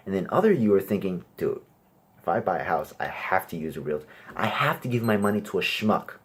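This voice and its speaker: A young man performing a crude stand-up comedy set, brash, and loudly acting out little exchanges. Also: sits low, lively intonation, a little fast, husky. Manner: crude, brash, acts out exchanges in raised voices.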